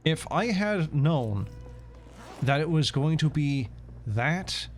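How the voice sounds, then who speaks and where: A man's voice: a little high, very animated, slow pace, soft background music. A man from Washington state casually chatting and swearing on a gameplay stream, often repeating words. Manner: profane, rambling, repeats words.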